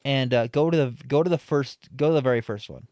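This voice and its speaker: A man's voice: mid-range voice, fairly quick, darkish tone, no echo, studio quality. A man casually telling a long story from his retail job, with lots of fillers and restarts. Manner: rambling, many fillers and restarts. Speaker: streamer.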